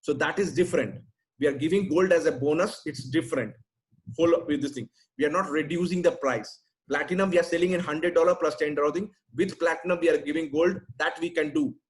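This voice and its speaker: Male sales trainer, slightly raised pitch, blunt emphatic delivery over a video-call mic. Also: brisk, poor audio. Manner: blunt, emphatic, repeats "right?" and "simple". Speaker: sales trainer answering questions. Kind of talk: webinar Q&A.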